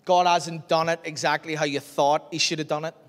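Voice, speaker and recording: A man preaching a sermon, telling a Bible story in a lively way and acting out its scenes. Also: fairly high pitch, a little fast. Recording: long reverb of a large hall.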